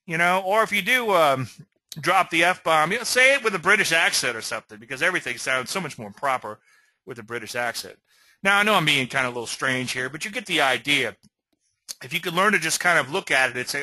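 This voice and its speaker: A man's voice: on the high side, expressive, normal speed, pushed and bright, no room sound, rough recording. A man hosting an informal trading lecture, rambling through conversational asides and often checking in with "okay?". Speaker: trading educator and show host.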